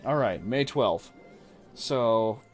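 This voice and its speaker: A man's voice: mid-range voice, expressive, extremely slow. Man, game streamer, casual commentary, reads text aloud, faint music.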